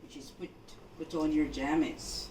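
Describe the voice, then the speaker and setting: A woman talks slowly and patiently as she walks the viewer through a household task. She keeps checking that they are following along. Her voice comes from across an echoey room over steady background noise. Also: sits low, far from the mic. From Jamaica. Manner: unhurried and instructive, often checking in with the viewer. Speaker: housekeeping vlogger. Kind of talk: home laundry-folding demonstration.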